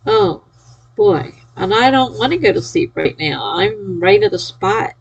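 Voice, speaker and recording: Sleepy husky-voiced woman streaming. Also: mid-range voice, big pitch swings, slow pace, long pauses, rough recording. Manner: reads and cheers chat messages. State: sleepy, yawning. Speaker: livestreamer. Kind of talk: casual live-stream chat.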